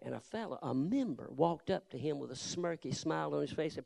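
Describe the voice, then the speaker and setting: A preacher with a fairly high voice delivers a fiery storytelling sermon. He drops to low, confiding tones, then climbs into loud, shouted rebukes, keeping a folksy pulpit manner throughout. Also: lively intonation, brisk, creaky, few pauses. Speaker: Baptist pastor.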